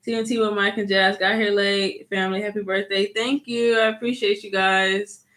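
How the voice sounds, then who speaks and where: A woman's voice: mid-range voice, flat delivery, normal speed, a bit bright. Chatty woman in an echoey room. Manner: chatty, full of "like" and "you know". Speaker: vlogger. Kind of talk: casual storytime.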